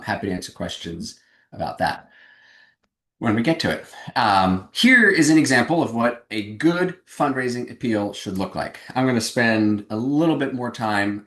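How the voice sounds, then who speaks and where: A man's voice: fairly low pitch, a bit bright, echoey room. A man giving a webinar presentation on fundraising, speaking energetically and emphatically over a video call.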